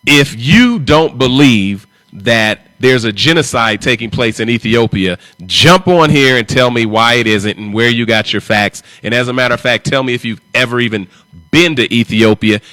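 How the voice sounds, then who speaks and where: A man's voice: medium pitch, normal speed, sharp tone, no echo. A man hosting a live stream, talking in an emphatic, repetitive and confrontational way. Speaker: livestream host.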